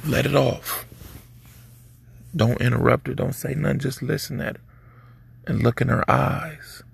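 Male podcast host, gravelly and husky, easygoing preachy delivery. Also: medium pitch, steady tone, moderate pace. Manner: laid-back, preachy, street slang. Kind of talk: casual advice monologue.

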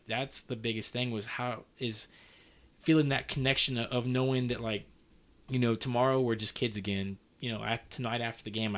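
With a lowish, fairly bright voice, a thirties-aged man rambles through a casual conversation. He's heartfelt, leans on plenty of fillers, and swears now and then.

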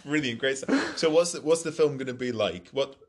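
A host chatting casually in a comedy podcast, lively and quick to laugh. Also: male voice, medium pitch. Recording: noisy background.

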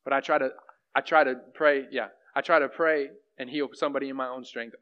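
A man's voice: mid-range voice, fairly even intonation, a little fast, fairly bright tone, smooth. A young man preaching in a casual, conversational way, often asking "right?" to the room. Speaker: pastor. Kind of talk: sermon. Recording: dull lo-fi sound.

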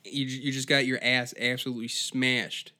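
A man hosting a solo podcast, ranting at a steady middle pitch. He swears constantly and rambles, sounding exasperated as he talks himself in circles. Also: moderate pace. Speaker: podcast host. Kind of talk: solo comedic rant.

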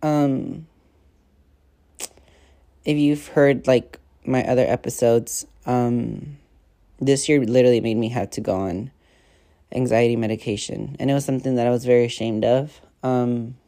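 A woman's voice: very deep voice, steady tone, measured pace, long pauses, warm tone. A young woman hosting a podcast, telling stories in a rambling, profane, casual way full of fillers. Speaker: podcast host. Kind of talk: casual storytelling chat.

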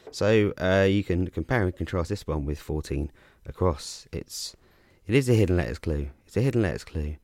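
A man casually explaining crossword clues as a podcast host, relaxed and chatty with frequent ums and restarts. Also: low-pitched, normal speed, few pauses, dry recording, clean studio sound.

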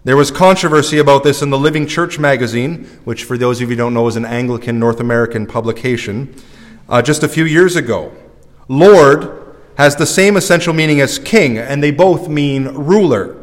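A man's voice: mid-range voice, normal speed, big-room sound. A male priest preaching a sermon in a conversational, self-deprecating way, recorded in a church.

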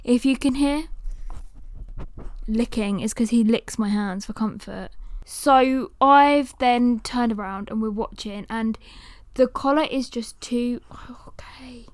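A woman hosting a podcast, telling a story in a lively, animated way and sometimes cooing at her dog. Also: fairly high pitch, takes it slowly, no echo. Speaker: podcast host.

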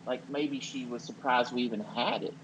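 Man doing a deadpan male town doctor, self-important, halting, slightly muffled recording. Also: mid-range voice, slight background noise, lightly acted. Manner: deadpan, halting, acts out quotes with sudden loud "What?". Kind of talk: improvised comedy character.

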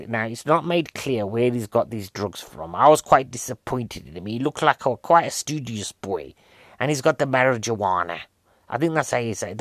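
A film reviewer with a mid-range, slightly bright male voice gives a rambling, comic recap of a movie. He chats away, constantly asking "right?" and throwing out rhetorical questions, and there's no echo.

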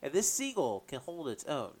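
A man's voice: fairly high pitch, wildly swooping pitch, moderate pace, a little mellow, slightly rough. A man chatting casually as a podcast co-host, laughing often and trailing off with fillers. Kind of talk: casual chat.

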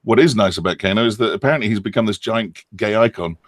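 A man's voice: fairly low pitch, fast, no room sound. A middle-aged British man, an actor and former acting coach, explaining at length in a chatty, self-deprecating way with many ums. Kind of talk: interview answers.

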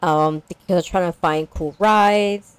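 A woman's voice: on the low side, steady tone, a little slow, smooth, no echo. Young woman, podcast co-host, casual recap, rambling, dry close sound. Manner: rambling, lots of "like", acts out characters.

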